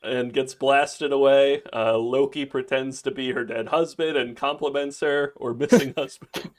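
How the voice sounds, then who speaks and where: A man on a podcast walking through a plot recap, steady and plain, sprinkling in ums and uhs. His voice sits at an ordinary middle pitch. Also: measured pace. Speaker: podcast co-host.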